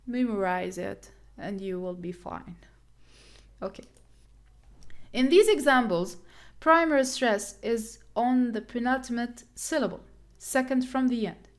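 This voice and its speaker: Woman teacher, slow deliberate pace, fairly high voice, repeats each word and counts syllables. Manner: patient, repeats words slowly and counts syllables aloud. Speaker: English teacher. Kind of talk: classroom lesson on word stress.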